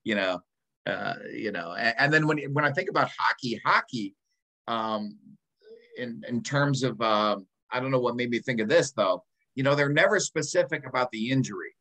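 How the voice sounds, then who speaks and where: A man's voice: medium pitch, expressive, moderate pace, pushed and bright, poor audio. Rambling man in his sixties. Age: 60s. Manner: rambling, many ums and uhs, self-interrupting. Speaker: podcast co-host. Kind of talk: casual chat.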